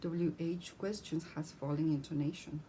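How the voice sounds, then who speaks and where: Woman teacher, lowish mellow voice, clear explanatory lesson delivery, faint background hum. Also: steady tone, normal speed, rough recording. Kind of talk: scripted lesson on speech.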